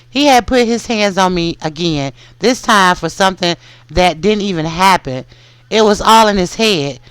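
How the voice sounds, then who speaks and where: Smooth-voiced podcast host reading a book. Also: mid-range voice, fairly bright tone, no room sound. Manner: stumbles over words, laughs at the text. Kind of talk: reading a book aloud with commentary.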